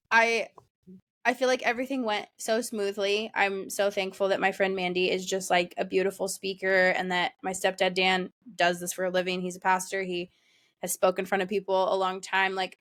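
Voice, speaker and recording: A young woman, a podcast co-host, chatting casually, laughing often and acting out quotes in a higher voice. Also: a bit bright. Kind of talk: casual chat.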